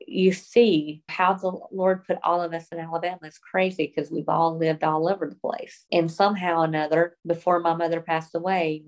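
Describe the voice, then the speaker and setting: A woman's voice: lowish voice, darkish tone. A woman guest on a faith-based podcast, speaking in a heartfelt, encouraging way about her own experience.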